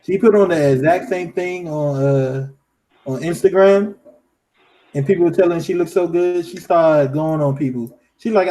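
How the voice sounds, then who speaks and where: A man's voice: a little high, moderate pace, warm tone, poor audio. A man co-hosting a podcast, telling stories in casual chat with fillers. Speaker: podcast co-host.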